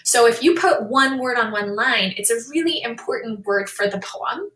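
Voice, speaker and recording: A woman's voice: a little high, moderate pace, fairly bright tone, recorded from a distance. A woman teaching a lesson on poetry, explaining terms in an upbeat, explanatory way and calling things really cool. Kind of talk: classroom lesson on poetry with read-aloud examples. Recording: echoey room, voice a bit off-mic.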